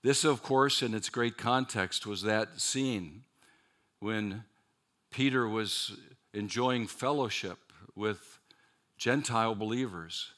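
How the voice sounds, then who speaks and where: A man preaching a chapel sermon at a seminary, lively and dramatic, with rhetorical questions and wry asides to his listeners. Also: on the low side, takes it slowly.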